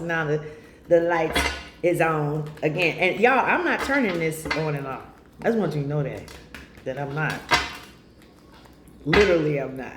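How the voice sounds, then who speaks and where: A woman giving a casual spiritual reading to her viewers, chatty and affectionate, full of exclamations. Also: deep voice. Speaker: spiritual reader. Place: home. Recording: echoey room with faint noise.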